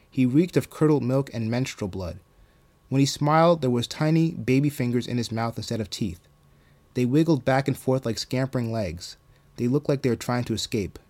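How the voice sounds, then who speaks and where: A man reading a horror story aloud at a middling pitch, calm and even. His delivery is steady scripted narration.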